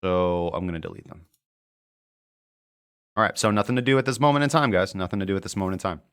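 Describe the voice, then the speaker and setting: A man's voice: deep voice, fast talker, fairly bright tone, clear, resonant tone. A young man hosting a casual live market-analysis stream, chatty and joking as he reads viewer comments aloud. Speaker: crypto trading livestream host.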